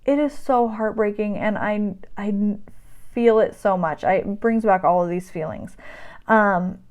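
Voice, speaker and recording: Speaking unhurriedly to camera, a vlogger in her thirties gives a mother's self-care advice in a medium-pitched, darkish voice. Her delivery on motherhood is direct and emphatic, peppered with "right?" and "okay?".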